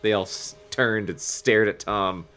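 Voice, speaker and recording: A man's voice: lowish voice, fairly even intonation, measured pace, pushed and bright, soft background music. A male podcast co-host reading a novel aloud with comic asides, laughing, swearing and throwing in silly voices. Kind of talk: comedic book reading with banter.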